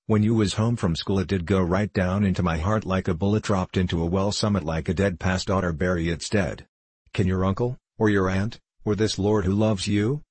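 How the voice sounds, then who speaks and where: A man's voice: deep voice, a little mellow, husky, dry recording. A man voicing a blunt, devoted old country nurse who speaks in folksy dialect. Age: over 60. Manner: folksy dialect, urgent and coaxing.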